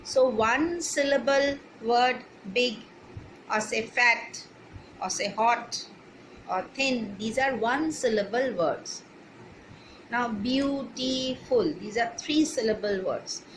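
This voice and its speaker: A woman's voice: fairly high pitch, slow pace, fairly bright tone, a little hiss or hum, rough recording. A woman teaching English grammar to children, spelling words out letter by letter and checking that they follow.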